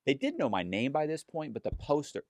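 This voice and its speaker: A man telling a story in a casual interview, animated and profane, acting out other people's lines as he goes. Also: medium pitch, a little fast, dry recording. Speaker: guest telling his story.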